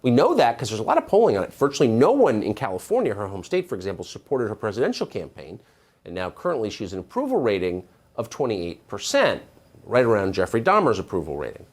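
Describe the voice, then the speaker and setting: News host, male, mid pitch with wildly swooping emphasis, sardonic and incredulous. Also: wildly swooping pitch, quick pace. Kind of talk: cable news monologue.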